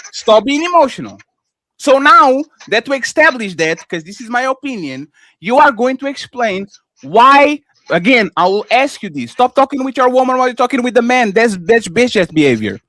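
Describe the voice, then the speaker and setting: A man's voice: extremely high pitch, sing-song, moderate pace, bright, forceful tone, no room sound. A man co-hosting a live panel show, speaking English as a second language, insistently cutting in and lecturing a guest in a heated debate. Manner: insistent, repeats "sir" to cut in, lecturing.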